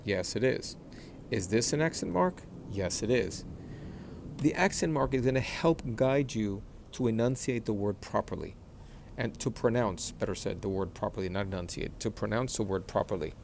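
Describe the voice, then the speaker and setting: A man teaching how to read and stress words, explaining patiently, repeating words slowly, and clearing his throat often after a recent illness. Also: on the low side, a little mellow, slight background noise. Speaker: Hebrew reading teacher. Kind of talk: explanatory lesson, screen-sharing.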